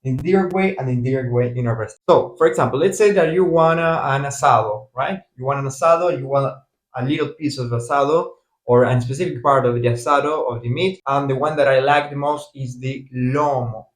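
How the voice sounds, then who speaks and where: A man from Argentina with an Argentine accent, teaching in a casual video lesson and repeating phrases slowly so learners can follow. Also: mid-range voice, reverberant, low-quality recording. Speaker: Spanish teacher.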